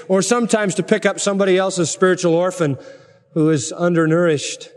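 A man preaching a sermon as pastor, emphatic, with forceful rhetorical peaks. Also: high voice, fairly even intonation, brisk. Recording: long hall reverb.

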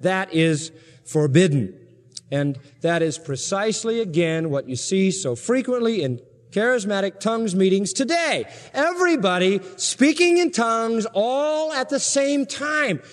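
High-voiced male preacher in a reverberant hall. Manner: emphatic, asks rhetorical questions. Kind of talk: sermon.

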